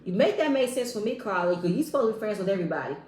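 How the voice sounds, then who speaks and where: A woman's voice: mid-range voice, lively intonation, very fast, a little mellow, echoey room, slight background noise, rough recording. A woman giving a blunt, exasperated casual recap of a reality show, mocking the people in it. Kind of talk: animated casual recap commentary.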